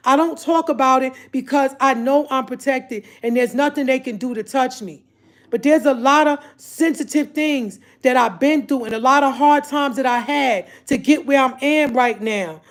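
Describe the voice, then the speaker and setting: Exasperated high-voiced woman ranting. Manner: exasperated, repetitive, addresses viewers as y'all. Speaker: vlogger. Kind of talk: emotional direct-to-camera rant.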